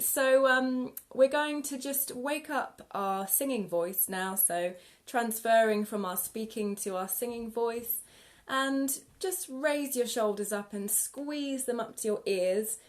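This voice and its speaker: A woman singing teacher guiding a live vocal warm-up lesson with gentle, encouraging instructions. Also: on the high side. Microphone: live video stream.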